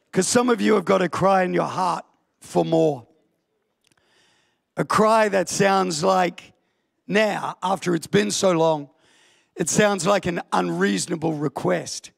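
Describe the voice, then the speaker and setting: A man preaching an impassioned sermon in church, often bursting into shouts. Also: high-pitched, slow, creaky, long pauses. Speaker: pastor. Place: church hall.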